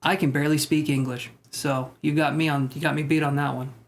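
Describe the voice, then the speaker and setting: A man's voice: on the high side, level tone, fairly quick, vocal fry. Joking, rambling man chatting on a livestream. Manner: rambling, self-deprecating, joking with chat. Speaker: tarot livestream host. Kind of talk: casual live-stream chat reading comments.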